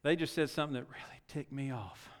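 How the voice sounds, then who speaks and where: A middle-aged man preaching a sermon in a folksy way, full of rhetorical questions and swinging from quiet asides to loud exhortation. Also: mid-range voice, fast. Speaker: pastor. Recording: long reverb of a large hall.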